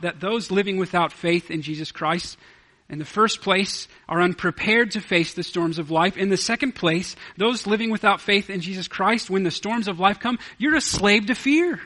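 A man preaching a sermon as pastor, swinging from loud declarations to hushed asides. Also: sits high, moderate pace.

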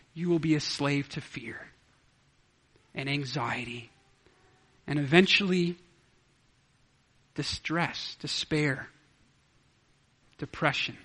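A man preaching a sermon as pastor, swinging from loud declarations to hushed asides. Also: sits high.

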